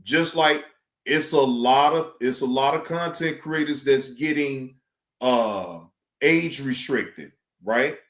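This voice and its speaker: A man's voice: slow, echoey room. A man chatting loosely and profanely on a live stream. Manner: loose, animated, profane, slangy, mimics others in high voice. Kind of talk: casual live stream chat.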